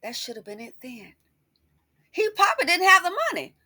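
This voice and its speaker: Sassy animated woman with a bright voice. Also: extremely high pitch, brisk, dry recording. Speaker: commentary host. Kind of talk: casual commentary.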